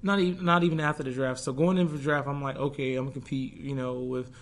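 A young pro football player, a guest in a candid conversational interview, speaks fast in a steady, mid-range voice. He reflects earnestly on a hard stretch of his career, restarting often and acting out his past thoughts in quoted asides.

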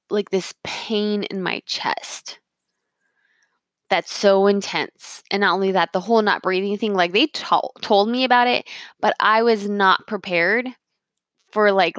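A woman's voice: lowish voice, fairly bright tone, no room sound. A young woman casually retelling her birth story, rambling with many fillers and restarts.

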